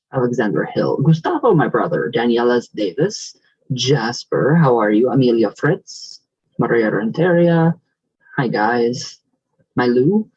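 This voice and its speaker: A man's voice: medium pitch, a little mellow, husky, muffled recording. A man vlogger chatting casually with viewers and greeting them. He rambles with lots of fillers and sometimes rolls his R's. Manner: rambling and affectionate, many fillers. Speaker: vlogger reading viewer comments. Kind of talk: casual chat.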